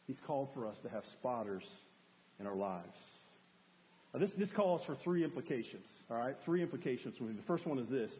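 A man preaching a sermon as a pastor, animated, acting out cries for help to make his point. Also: medium pitch, a little fast, a little hiss or hum. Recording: long hall reverb.

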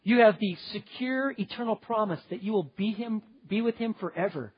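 A man with a high, husky voice delivers an earnest sermon, stressing one word after another as he builds long lists. The sound is dry and a little dull, with a lo-fi edge. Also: moderate pace, dry recording. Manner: emphatic, earnest, piles up lists of words. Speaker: preacher.

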